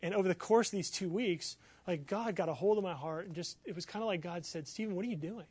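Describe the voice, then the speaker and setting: High-voiced excitable male pastor. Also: quick pace, husky. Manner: animated, excitable storytelling with many fillers. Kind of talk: sermon storytelling.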